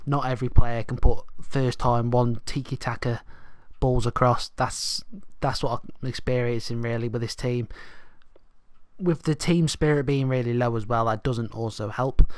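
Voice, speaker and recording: A man's voice: medium pitch, fairly even intonation, normal speed, dry recording. A young man giving casual, rambling let's-play commentary, thinking aloud as he goes. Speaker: gaming channel host.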